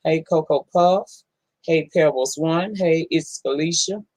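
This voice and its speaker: A woman's voice: sits low, a little slow, darkish tone, dry recording, rough recording. Woman host greeting her live chat. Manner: folksy, affectionate, calls people honey and baby. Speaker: livestream host. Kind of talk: casual live-stream chat greeting viewers.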